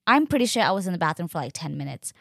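A young woman telling a personal story in a chatty, animated way, full of "like" and acted-out quotes. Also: fairly low pitch, racing, gravelly, no echo, studio quality. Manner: animated, chatty, fills speech with "like", acts out quotes. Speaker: podcast host. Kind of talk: casual storytelling.

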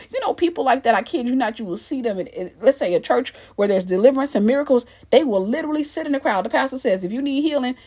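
Woman, animated church-culture commentator, pitched a touch high, emphatic delivery. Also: husky. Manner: emphatic and animated, acts out the people she mocks.

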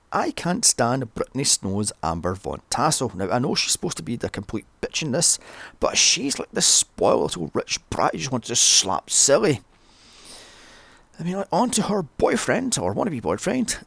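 Blunt guy reviewing films, swears a lot, gravelly and animated. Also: mid-range voice, no room sound. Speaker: film reviewer. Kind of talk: casual solo review.

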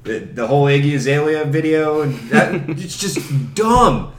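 A man co-hosting a casual sports podcast, talking in animated, swearing bursts. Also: fairly high pitch, moderate pace. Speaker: podcast co-host. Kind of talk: casual sports chat over drinks. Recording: roomy echo with faint background noise.

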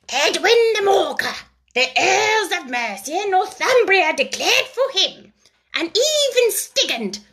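A woman's voice: very high-pitched, sharp tone, pitched above the performer's own voice, heavily acted. A woman voicing a self-important male mouse who lectures primly and grows cross when interrupted.

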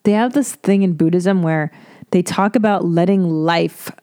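A woman's voice: fairly low pitch, measured pace, warm tone, no room sound, studio quality. A woman hosting a podcast, rambling in a casual monologue full of profanity and sarcastic asides. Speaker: podcast host.

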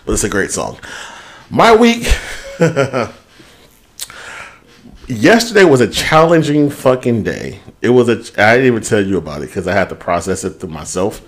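A man's voice: fairly low pitch, big pitch swings, normal speed, long pauses. A man co-hosting a podcast, chatting casually and candidly about his week, swearing freely as he talks it through. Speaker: podcast co-host. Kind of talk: casual chat.

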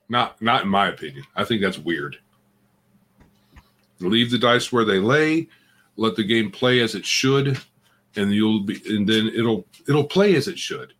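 A man's voice: fairly low pitch, a bit bright, slightly rough. An older man co-hosting a livestreamed tabletop gaming talk show, giving frank opinions and teasing his co-host. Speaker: podcast co-host. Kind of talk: casual livestream chat.

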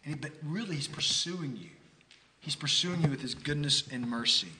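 A man from the United States preaching a sermon, telling a story in a conversational, animated way with frequent restarts. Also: a little high, moderate pace, slight background noise. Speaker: pastor. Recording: roomy hall with long reverb.

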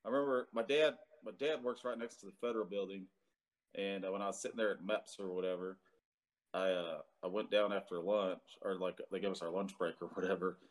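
A man's voice: low voice, steady tone, brisk. A man in his thirties, a Marine veteran, telling his story in a casual interview with many fillers and some cursing.

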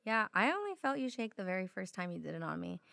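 Slightly hoarse, gravelly young woman. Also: mid-range voice, fast talker, no echo, studio quality. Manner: relaxed, chatty, lots of fillers. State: slightly hoarse from a sore throat. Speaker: podcast co-host. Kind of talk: casual chat.

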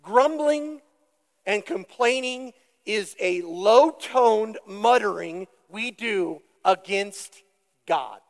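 Slow, high-voiced preaching man in reverb. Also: creaky. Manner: deliberate, emphatic preaching with questions to the congregation. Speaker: pastor. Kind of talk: sermon.

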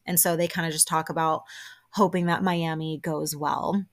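A woman hosting a podcast, recapping a reality show in a chatty, animated way and acting out the quotes. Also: lowish voice, a little slow. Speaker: podcast host.

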